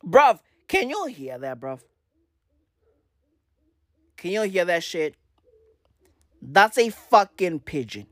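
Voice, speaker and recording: A woman, rattling off a slangy, swear-filled comedic rant, her pitch leaping all over. She talks at an unhurried pace, repeats herself and mimics animal noises. The sound is dry and close. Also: lively intonation, dry recording. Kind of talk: casual comedic rant to camera.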